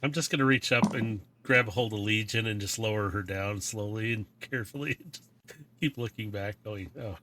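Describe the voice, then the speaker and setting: A man playing in a tabletop game, relaxed and quick to laugh. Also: on the low side, noisy background. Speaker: player. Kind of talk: tabletop role-play chat.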